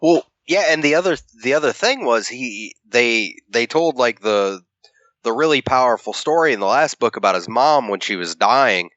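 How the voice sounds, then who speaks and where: In dull, lo-fi podcast audio with no echo, a male co-host chats casually while retelling a comic book's plot at length, voicing the characters and cursing freely. He sounds animated at a normal speed, his mid-range voice slightly bright.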